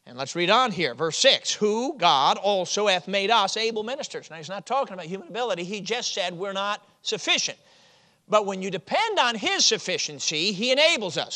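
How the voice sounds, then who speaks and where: A man from Chicago preaching a sermon, moving from loud stressed phrases to quiet, low drops. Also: animated, a little fast. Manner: swings from loud emphasis to quiet drops, with chuckles.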